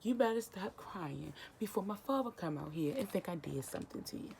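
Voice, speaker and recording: A woman quoting her angry young ex-boyfriend in a hushed, dismissive mutter. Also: lowish voice, expressive, fairly quick, vocal fry, heavy background noise. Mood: hushed threat.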